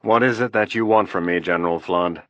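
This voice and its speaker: A testy, defensive politician in high office, as a man puts him on for an audiobook. His voice climbs higher and sharper when pressed. The recording is dry and close. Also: fairly quick, fairly bright tone, dry recording, muffled recording. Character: defensive, irritable male vice president, middle-aged.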